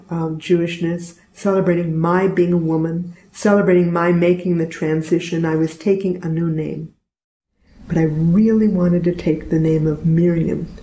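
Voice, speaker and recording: Older woman telling a story, gravelly. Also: on the low side, dark tone, a little hiss or hum. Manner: earnest, reflective, plainspoken. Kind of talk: personal storytelling. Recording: roomy echo.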